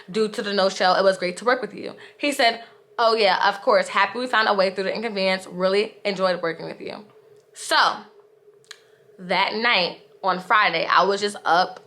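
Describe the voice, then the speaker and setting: Young woman, bright voice, storytime vlog, exasperated, candid, chatty fillers. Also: mid-range voice. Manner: candid, exasperated retelling with frequent "like". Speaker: vlogger.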